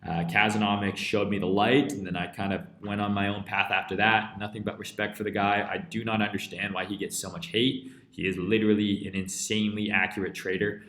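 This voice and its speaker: A man's voice: on the low side, little pitch movement, brisk, few pauses, fairly bright tone, roomy sound. Profane, blunt Canadian man streaming. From rural interior British Columbia, Canada. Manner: blunt and profane, heavy swearing. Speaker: crypto trading live streamer. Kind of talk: casual live-stream rant, reading chat.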